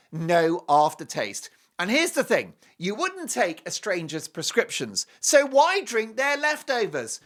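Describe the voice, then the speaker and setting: A man's voice: high voice, a bit bright. A man hosting a talk show, giving jokey, emphatic commentary and reading an ad. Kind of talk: opinionated commentary with a read ad.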